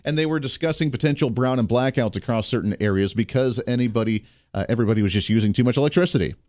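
A man hosting a radio talk show, delivering a solo monologue with sarcastic, animated banter. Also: mid-range voice, fast talker, dry recording. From Kansas, US.

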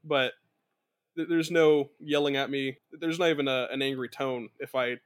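A young man with a middle-pitched, ordinary voice, chatting casually as a podcast co-host. He is easygoing and agreeable and tells flight stories in a relaxed way. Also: normal speed.

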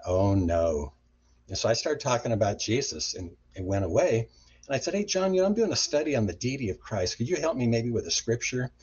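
A middle-aged man, a deliverance minister and guest, telling a story with lively acted-out quotes. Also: lowish voice, muffled recording, slight background noise. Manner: animated retelling with acted-out quotes. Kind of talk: storytelling interview.

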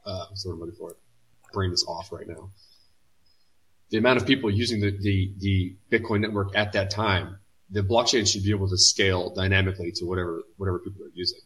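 Man, lowish voice, casual podcast co-host, thoughtful, restarts sentences. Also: steady tone, quick pace, a bit bright, poor audio. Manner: thoughtful, searching for words, repeats himself.

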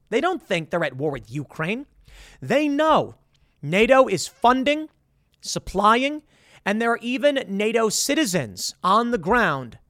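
A man with a notably high voice delivers an opinionated commentary monologue. He is blunt and sarcastic and argues his points with rhetorical questions. The recording is close and dry. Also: a bit bright, no echo. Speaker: political commentator.

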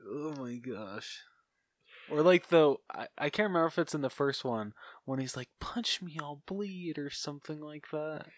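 A man's voice: a little high, moderate pace, dry recording. A man co-hosting a podcast in casual chat, easygoing and agreeable, laughing often. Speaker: podcast co-host.

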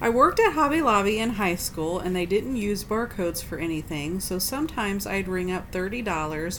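A woman co-hosting a casual chat, reading funny tweets aloud with a giggly, deliberate delivery. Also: medium pitch, animated, slight background noise, poor audio. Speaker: podcast co-host.

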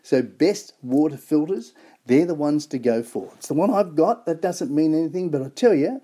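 An enthusiastic Australian host chats casually about local products, with a mellow, warm tone and a voice that swoops up and down a lot. Web addresses get spelled out slowly, letter by letter. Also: medium pitch, expressive.

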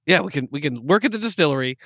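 A man's voice: fairly high pitch, animated, rapid-fire, a bit bright, no echo, clean studio sound. Jokey upstate New York man co-hosting. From New York State. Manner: jokey, laughs often, rambling restarts. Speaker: podcast co-host. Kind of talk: casual chat.

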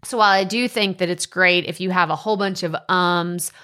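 A woman's voice: on the low side, steady tone, brisk, pushed and bright, clear, resonant tone. A woman podcast host giving casual advice in a chatty way, with many filler words like "like" and "so".

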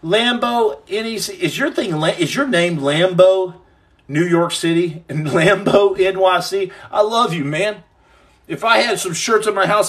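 A man hosts a casual livestream podcast, reading viewer comments aloud and riffing on them with jokes. His voice sits notably high for a man. He rambles happily, tossing out playful nicknames. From United States.

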